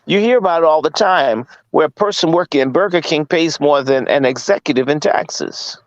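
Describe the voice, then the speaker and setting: A man's voice: a little high, moderate pace, no echo, lo-fi sound. A man from Washington, D.C. giving a casual lecture, firing rhetorical questions at his listeners, blunt and profane. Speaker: guest speaker.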